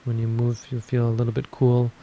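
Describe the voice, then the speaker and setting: A man giving a dharma talk on meditation, explaining in a measured way and thinking aloud as he goes. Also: mid-range voice, monotone, mellow, slight background noise, rough recording. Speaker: meditation teacher.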